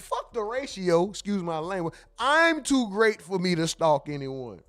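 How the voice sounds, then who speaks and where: A man's voice: on the high side, very animated, normal speed, hardly any pauses, fairly bright tone. A man hosting a casual livestream who reads chat comments aloud, jokes, curses freely, and slips into mimicry. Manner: profane, joking, mimics others. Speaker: livestream host.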